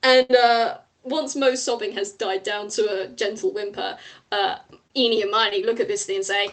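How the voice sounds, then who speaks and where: A woman narrating as game master of a tabletop game, lively and often laughing. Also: mid-range voice, moderate pace.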